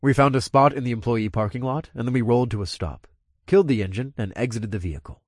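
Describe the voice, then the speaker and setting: A man narrating first-person fiction as an audiobook, with expressive storytelling. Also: medium pitch, quick pace, no echo, clean studio sound.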